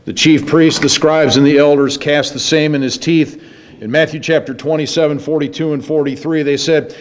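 A man with a notably high voice delivers a sermon. He drops low and quiet in reflective passages, then climbs high and emphatic as he presses his point. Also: expressive, normal speed. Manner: dramatic, swings between low musing and high emphatic preaching. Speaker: preacher.

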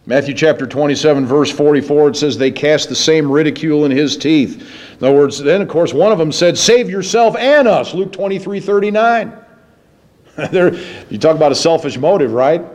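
High-voiced preacher, dramatic swings. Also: male voice, fairly quick, darkish tone. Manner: dramatic, swings between low musing and high emphatic preaching. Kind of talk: sermon.

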